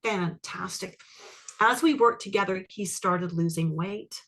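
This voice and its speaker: A woman's voice: medium pitch, measured pace. A woman teaching a live online class, walking through a client case and checking in with her audience. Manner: animated, asks the audience questions. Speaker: iridology educator. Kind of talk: webinar teaching with case story.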